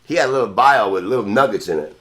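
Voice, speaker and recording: A man's voice: lowish voice, expressive, quick pace, a bit bright. A man hosting a podcast, telling a long story in a casual, rambling, profane way. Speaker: podcast host.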